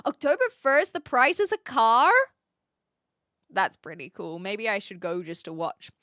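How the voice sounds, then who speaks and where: A young woman with a New Zealand accent, chatting with her stream and reading out comments, giggly and trailing off into quiet asides. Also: mid-range voice, sing-song, a little slow, no echo, clean studio sound. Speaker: livestreamer.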